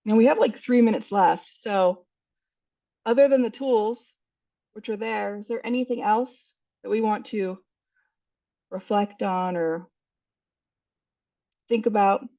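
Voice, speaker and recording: A woman's voice: mid-range voice, slow pace, pauses often, mellow, far from the mic, muffled recording. A woman presenting and wrapping up a webinar, chatty and filler-heavy, with upbeat rising endings, heard over an online call. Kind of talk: casual webinar wrap-up.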